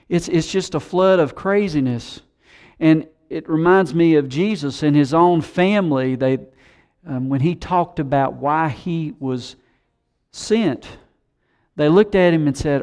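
A man preaching a sermon, animated, who acts out the voices of scoffers he quotes. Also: on the high side, a little slow, clear, resonant tone. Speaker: pastor.

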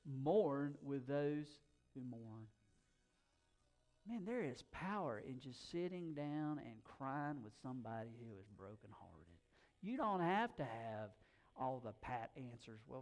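A middle-aged man preaching a sermon as a pastor, conversational and emphatic, often repeating words as he goes. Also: medium pitch.

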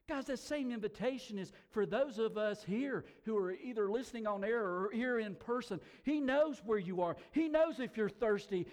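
High-voiced pastor preaching with dramatic swings. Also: male voice, expressive, moderate pace, few pauses. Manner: dramatic storytelling, swinging from hushed whispers to shouts; repeats words as he restarts phrases. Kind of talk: sermon. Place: church hall, also broadcast on air.

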